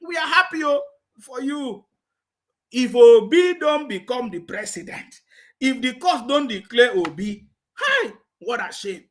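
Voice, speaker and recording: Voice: mid-range voice, very animated, unhurried. Mocking Nigerian commentator. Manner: taunting, laughs often, repeats "you understand me". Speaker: political commentator.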